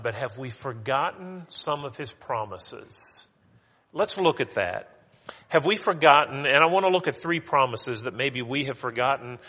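Bright-voiced male preacher in a hall. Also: medium pitch. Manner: conversational, emphatic, rising on questions. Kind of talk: sermon.

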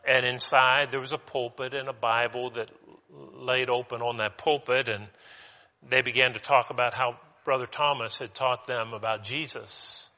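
A man preaches a sermon, earnestly telling a parable with restarts and repeated words. His mid-range voice is steady, pushed and bright at a moderate pace, and the recording carries a long hall reverb.

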